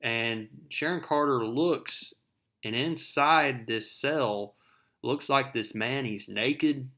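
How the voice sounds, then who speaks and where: A man's voice: medium pitch, slow pace, pushed and bright. Man casually recapping a comic. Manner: conversational storytelling with fillers. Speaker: comic book reviewer.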